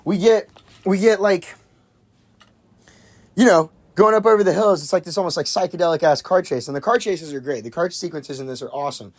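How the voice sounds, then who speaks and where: Speaking a little fast at a medium pitch, a film reviewer gets excited chatting casually about a movie. The talk rambles, full of "like," restarts, and offhand swearing.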